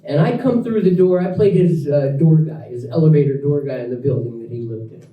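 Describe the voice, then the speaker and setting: A man in his forties, an actor guest at a live Q&A, telling an animated anecdote, laughing as he acts out what people said. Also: fairly high pitch, brisk, muffled recording. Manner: animated storyteller, laughs through lines, acts out quotes. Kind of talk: live Q&A storytelling. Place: event room with audience. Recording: echoey room, mic at a distance.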